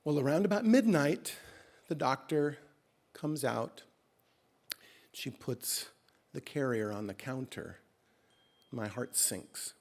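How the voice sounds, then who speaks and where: A man telling a true first-person story live on stage at a story slam, animated and slipping in deadpan comic exaggeration. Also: mid-range voice, slow, gravelly, long pauses.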